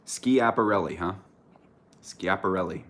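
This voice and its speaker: A man's voice: deep voice, measured pace, fairly bright tone. An American man hosting a casual livestream chat, rambling and correcting himself as he talks to viewers. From United States. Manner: rambling, self-correcting, breaks into laughter. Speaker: streamer chatting with viewers.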